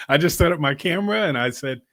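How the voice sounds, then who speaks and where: A man's voice: fairly high pitch, expressive, fairly quick, a bit bright, no room sound, studio quality. A man from Boston, an actor guest telling stories in a casual interview, rambling and laughing often.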